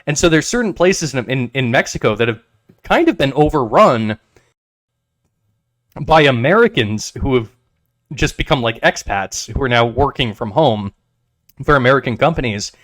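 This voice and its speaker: A man chatting on a podcast, his pitch swinging widely as he rambles through anecdotes. He stumbles over restarts and swears freely. The sound is close and dry. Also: no room sound. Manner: rambling, many restarts and swearing, animated retellings. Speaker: podcast co-host. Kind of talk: casual chat.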